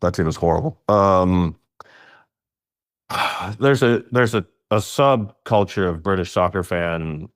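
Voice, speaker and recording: Deep-voiced and slow, a middle-aged man shares stories in casual conversation in a dry, studio-quality recording. His storytelling is animated, full of laughter, with his voice leaping up to stress points.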